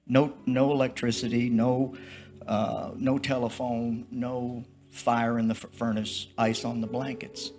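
A man's voice: medium pitch, flat delivery, slow pace, soft background music. An older man preaching a testimony-style sermon, telling stories in a folksy, rambling, repetitive way. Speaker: traveling preacher.

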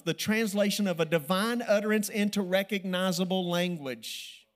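A man preaching a sermon, telling a church story and building to loud, emphatic preaching. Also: high-pitched, normal speed, hardly any pauses.

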